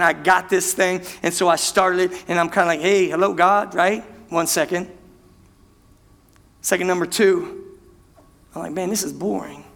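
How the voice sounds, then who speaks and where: A man's voice: sits high, fairly bright tone. A man preaching a sermon, telling a candid personal story and calling out to the congregation as church. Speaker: pastor. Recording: long hall reverb.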